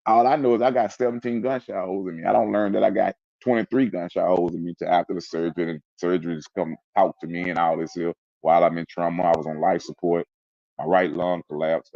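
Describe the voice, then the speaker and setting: Deep-voiced man retelling an ordeal. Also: no echo, muffled recording. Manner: intense, emphatic retelling with spoken sound effects. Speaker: interview guest. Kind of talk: personal storytelling in casual chat.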